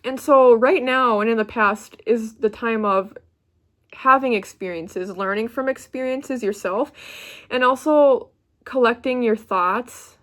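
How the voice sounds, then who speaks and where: A young woman talks through a tarot reading in a slightly high voice. She gushes and gets excited as she goes, often breaking off mid-word before she finds the thought again. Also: measured pace. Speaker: tarot reader. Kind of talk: pick-a-card tarot reading.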